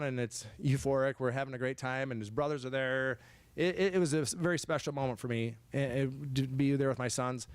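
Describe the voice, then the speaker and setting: A middle-aged man from Michigan giving an emotional, halting banquet speech as head football coach. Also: mid-range voice, clean tone, no room sound. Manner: emotional, halting, many restarts.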